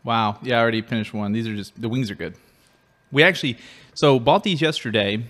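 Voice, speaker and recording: A man co-hosts a laid-back hot sauce tasting, chatting in a playful, easygoing manner. His voice is medium-pitched, brisk, and slightly bright.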